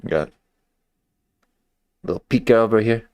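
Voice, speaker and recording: A man's voice: fairly low pitch, moderate pace, a little mellow, dry recording. A man hosting a comedy commentary livestream, talking in a wry, rambling way with lots of fillers and restarts.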